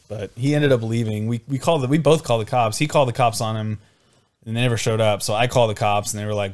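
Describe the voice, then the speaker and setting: A man's voice: lowish voice, quick pace. A young man, cohosting a podcast, telling a story in casual chat and acting out the people in it with lots of swearing. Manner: animated, swears, acts out quoted voices. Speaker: podcast co-host.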